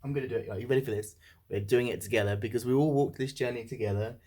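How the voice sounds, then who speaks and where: A man's voice: medium pitch, steady tone, rapid-fire, mellow. A young man vlogging in a casual, candid way, joking about himself. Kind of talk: casual monthly vlog.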